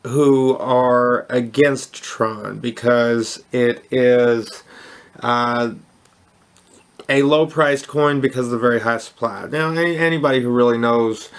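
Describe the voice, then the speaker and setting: A man's voice: mid-range voice, steady tone, takes it slowly, clean tone. A man hosting a crypto channel, talking off the cuff with lots of restarts and fillers, upbeat and enthusiastic. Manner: rambling, with many restarts and fillers. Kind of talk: casual unscripted commentary.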